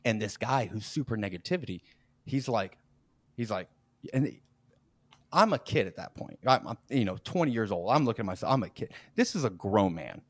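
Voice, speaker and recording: Animated man telling a lively story. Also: on the low side, moderate pace, dry recording. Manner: animated, laughs often, acts out quoted people. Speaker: podcast host. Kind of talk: casual storytelling chat.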